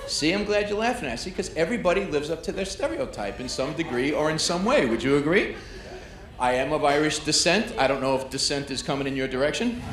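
Brash New stand-up comic. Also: male voice, fairly high pitch, lively intonation, fast talker. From New York. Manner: brash, crowd-baiting, works the audience. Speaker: stand-up comedian. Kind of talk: stand-up comedy set. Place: comedy club stage. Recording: echoey club, loud crowd noise.

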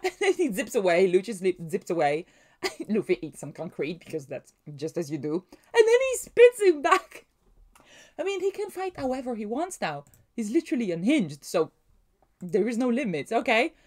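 A woman talking through her reaction to a comic chapter, excitable and thinking aloud, laughing often and restarting her sentences. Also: medium pitch, moderate pace. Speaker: manga reaction vlogger.

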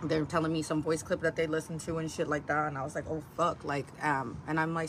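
A woman's voice: low-pitched, flat delivery, fast talker, few pauses. A woman livestreaming, meandering through her story with lots of fillers and swearing. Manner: meandering, heavy fillers and profanity. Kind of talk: rambling livestream talk. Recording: livestream clip with vehicle noise.

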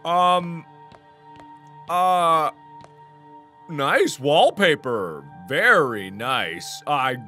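A man in his thirties hosting a horror game let's play, joking and talking to the game, with sudden loud outbursts. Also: fairly high pitch, very animated, drawn-out words, long pauses, soft background music. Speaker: gaming channel host.

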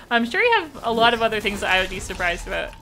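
Woman, young, upbeat streamer with a bright, lively voice and a faint hiss behind. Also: on the high side, fairly quick. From Canada. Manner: bubbly, encouraging, laughs often. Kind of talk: casual gaming chat.

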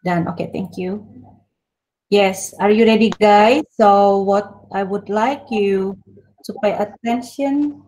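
A woman's voice: medium pitch, slow, darkish tone, low-quality recording. A woman lecturer with an Indonesian accent teaching an online class, mixing English and Indonesian and speaking expressively.

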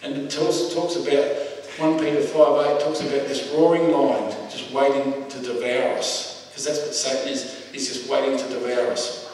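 A man preaching a sermon in a relaxed, conversational way, repeating his phrases and pausing on fillers. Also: medium pitch, slight background noise. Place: church hall. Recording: echoey hall, voice from a distance.

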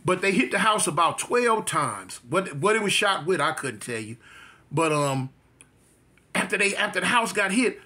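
Speaking at a normal pace, a man with a husky, bright, forceful voice pitched fairly high tells the story of his own past in a loose, casual way. His pitch swings widely as he repeats phrases and makes his own gunshot sounds to bring the tale to life.

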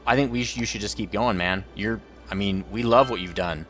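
A man voicing excited townsfolk who gush over the city builder, in a raised, higher voice. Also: a little fast, soft background music, natural voice. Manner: gushing, raised voice.

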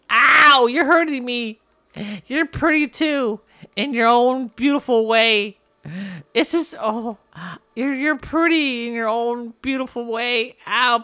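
A woman voicing Bob, a brash, boastful and violent male game character, taunting in slang and shouting when fighting. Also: a little high, no room sound, clean studio sound, exaggerated voice. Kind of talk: game machinima voice acting.

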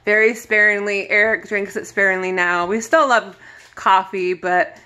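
A woman's voice: mid-range voice, steady tone, normal speed, bright, forceful tone, clear, resonant tone. A woman in her thirties chatting casually to viewers as she walks through her home kitchen, laughing often. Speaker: vlogger giving a kitchen pantry tour. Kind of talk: casual home vlog chat.

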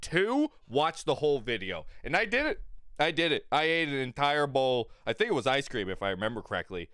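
A man's voice: mid-range voice, sing-song, brisk, a bit bright, clear, resonant tone, no echo, clean studio sound. A man streaming live, chatting casually with viewers in a crude, rambling way and often laughing. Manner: talks to chat viewers. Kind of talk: casual livestream chat.

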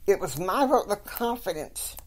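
A man voicing a stern, caring wealthy mother who calmly lays down the law. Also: mid-range voice, slow. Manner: calm, firm counsel.

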